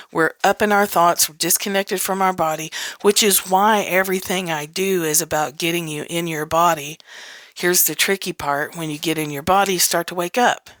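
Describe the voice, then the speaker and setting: A woman with a fairly low voice talks in a candid, loose teaching style and breaks into laughter often. She swears casually. The recording is dry and close, with no room sound. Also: fairly bright tone, dry recording. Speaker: podcast host.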